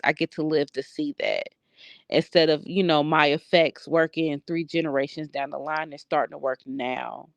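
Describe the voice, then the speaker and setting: A woman's voice: low voice, no room sound. A middle-aged woman, a psychic medium, talking frankly and bluntly in a personal video journal.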